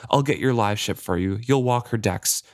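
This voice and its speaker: A man's voice: medium pitch, normal speed, no room sound, close to an everyday voice. A man reading the lines of a devoted, scarred male first mate aloud from a book, in a dry voice.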